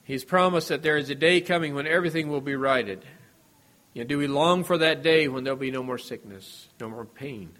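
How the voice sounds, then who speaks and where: A male preacher delivering a sermon at a middle pitch. He speaks in a measured, earnest way, letting his voice fall quietly at the end of each thought. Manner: measured and earnest, voice dropping at phrase ends.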